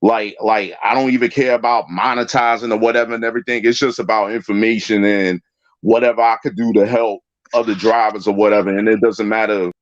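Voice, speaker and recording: A man's voice: on the low side, fairly even intonation, fairly quick, dry recording. A man calling into a livestream, talking loosely with lots of slang and fillers. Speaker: guest caller. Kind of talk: casual call-in chat. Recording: dull, lo-fi dry sound.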